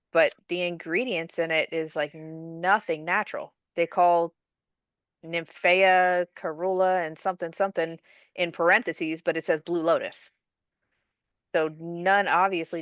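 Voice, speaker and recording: A woman's voice: low voice, fairly bright tone, clear, resonant tone, no room sound, muffled recording. A woman co-hosting a podcast, chatting casually and explaining things she is reading. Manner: explaining, reading details aloud. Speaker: podcast co-host. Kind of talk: casual conversation.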